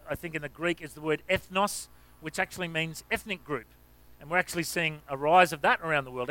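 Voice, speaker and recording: An Australian male pastor delivers a sermon in a high, sharp voice. He talks like a chat, full of restarts and asides, then surges into loud exclamations. The sound is close and dry. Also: dry recording, poor audio. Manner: conversational asides and repeated restarts.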